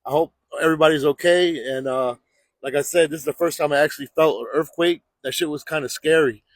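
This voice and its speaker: A man's voice: on the high side, fast talker, no room sound. A man recording a casual update from his truck in a laid-back way, addressing his followers.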